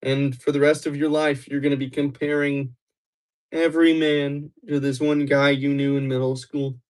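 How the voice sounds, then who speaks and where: A young man from Wisconsin hosts a live stream, chatting loosely with his viewers. He rambles and teases them by name. His voice sits at an everyday middle pitch. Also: level tone, normal speed, a little mellow. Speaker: livestreamer. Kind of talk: casual live chat with viewers.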